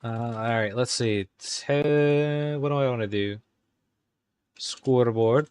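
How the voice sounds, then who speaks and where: A man hosting a live stream, talking casually and halting as he types commands. He mutters to himself and corrects himself, all in an exaggerated put-on Irish accent. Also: mid-range voice, darkish tone, clean tone. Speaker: live-stream host coding game commands. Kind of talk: casual live-stream commentary while typing.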